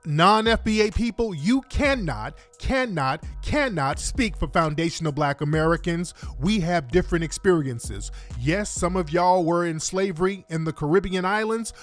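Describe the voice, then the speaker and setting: Male radio host, emphatic and repetitive, slightly high voice, faint music behind. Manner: emphatic, repetitive, addresses listeners directly. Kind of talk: heated political commentary.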